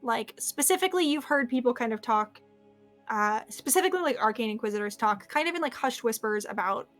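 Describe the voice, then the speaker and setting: Bright-toned, playful woman game master, high register, casual and rambling, light music bed. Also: animated, fairly quick. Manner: chatty, filler-heavy, playful. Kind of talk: casual tabletop game narration.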